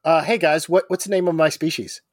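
A man's voice: on the high side, fairly even intonation, a little fast, dry recording, clean studio sound. A man playing a tabletop game, chatting easygoingly in and out of character. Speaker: player. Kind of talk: tabletop role-play chat.

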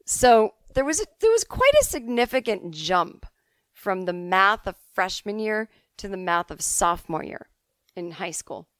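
A middle-aged woman from the Boston suburbs hosting a podcast, telling stories in a casual, animated way and swearing freely. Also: medium pitch, a little slow, no room sound, studio quality. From Boston suburbs, USA. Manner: chatty, animated, swears freely, acts out quotes. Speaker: podcast host answering listener emails. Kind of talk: casual comedic storytelling.

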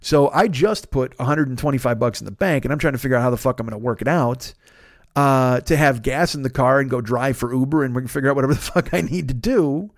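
A man in a middle pitch tells a personal story on his podcast, swearing freely and sounding fed up. The recording is dry and close, with no room around his voice. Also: quick pace, no room sound. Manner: profane, exasperated storytelling. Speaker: podcast host. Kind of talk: casual storytelling monologue. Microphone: podcast microphone.

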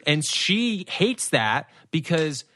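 A man with a bright, forward voice co-hosts a casual podcast chat over a video call. He tells stories with animation and acts out his own lines as he goes. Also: a little high, big pitch swings, slow. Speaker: podcast co-host.

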